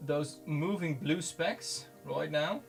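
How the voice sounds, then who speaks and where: Gravelly-voiced man rambling over a microscope. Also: fairly high pitch, soft background music. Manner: rambling, halting, many restarts. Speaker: pigment maker filming his studio work. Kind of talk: casual unscripted commentary. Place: home studio.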